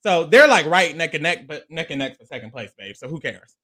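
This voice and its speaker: Animated man, lively recap chat. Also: a little fast. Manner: animated, playful, acts out people's lines in a high voice. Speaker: podcast co-host recapping a reality show.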